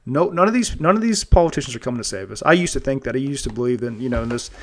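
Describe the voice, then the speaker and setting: A man's voice: mid-range voice, lively intonation, rapid-fire, noisy background. A man hosting a casual monologue show, rambling and earnest, often restarting and repeating words. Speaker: podcast host.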